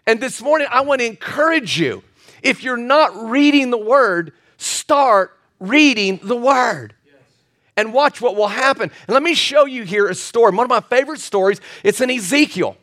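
High-voiced, earnest male pastor. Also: brisk. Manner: earnest, storytelling, repeats himself when excited. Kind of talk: sermon.

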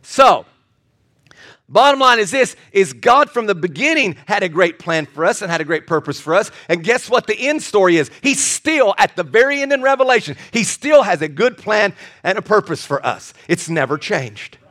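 A middle-aged man preaching with a strikingly high voice. He is impassioned and stumbles over restarts and repeated words. He keeps throwing questions out to his listeners. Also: sing-song, normal speed, a bit bright. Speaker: pastor. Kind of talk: sermon.

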